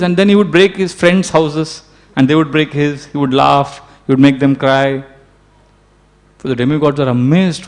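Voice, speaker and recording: A man, a preacher telling a devotional story in an animated way. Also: on the high side, moderate pace.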